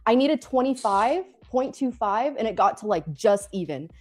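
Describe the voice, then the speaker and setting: A woman co-hosting a live trading stream, chatting casually and reacting with quick laughs. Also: a little high, animated, a little mellow. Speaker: live trading show co-host. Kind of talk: casual chat.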